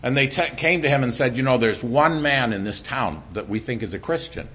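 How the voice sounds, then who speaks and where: Animated man preaching a sermon. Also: medium pitch, a little fast. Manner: animated preaching, drops to a quiet voice for God's lines. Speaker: pastor.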